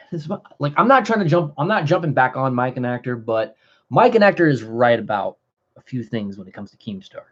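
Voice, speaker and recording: A man's voice: mid-range voice, muffled recording. A man hosting a commentary livestream, ranting in a heated, profane, rambling way with frequent restarts. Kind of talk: live commentary rant.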